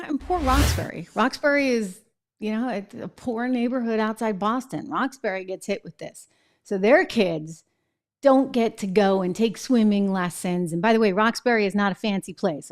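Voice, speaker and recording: A middle-aged woman from New England hosting a political commentary show, talking emphatically and checking in with viewers. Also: mid-range voice. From New England, United States. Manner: emphatic, conversational, asks viewers "right?". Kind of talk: opinionated commentary.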